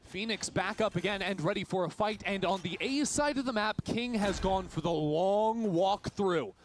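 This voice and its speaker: A man giving energetic play-by-play esports commentary that builds on key plays. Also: high voice, moderate pace. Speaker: esports caster.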